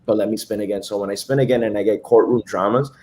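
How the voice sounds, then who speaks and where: Male podcast guest, low-pitched, casual storyteller who mimics others, quiet home recording. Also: steady tone, fast talker, slight background noise. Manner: storytelling, acts out quoted dialogue. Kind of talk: casual chat.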